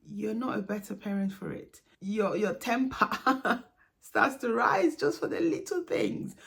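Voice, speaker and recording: A woman's voice: medium pitch, gravelly. A young woman, a single mother, talking candidly to camera in a vlog, confiding and laughing now and then.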